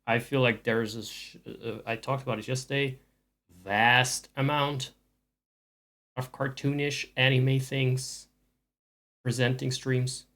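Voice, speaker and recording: A man's voice: medium pitch, little pitch movement, slow, long pauses, fairly bright tone. A man streaming live and chatting casually with viewers, rambling with dry jokes and frequent restarts.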